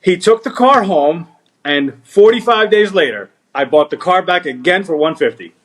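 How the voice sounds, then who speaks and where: A male car dealer and co-host spins a story in casual chat, acting out each person he quotes. His pitch swings widely as he goes. His voice sits a little above the usual male range. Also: moderate pace. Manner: animated, acts out quoted people.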